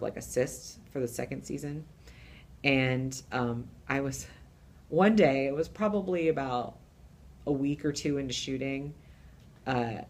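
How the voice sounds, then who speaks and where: A middle-aged woman puppeteer telling stories in a casual interview, animated and laughing, acting out voices. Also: very deep voice. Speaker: puppeteer guest.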